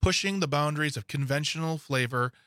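A man's voice: on the high side, brisk, pushed and bright, no room sound, studio quality. A man co-hosting a casual podcast, reading news headlines aloud with joking asides and stumbles.

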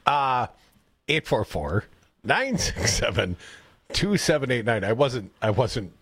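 Husky, lively sardonic man on radio. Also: medium pitch, slow, no room sound. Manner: sardonic, jokey, animated. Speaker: radio co-host. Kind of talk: casual political talk radio banter. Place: radio studio. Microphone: studio microphone.

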